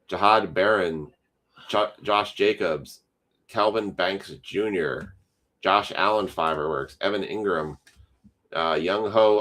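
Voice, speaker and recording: A man with a very deep voice hosts a live card break stream. He chats casually and teases his co-host between quick lists of player names. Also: fairly bright tone.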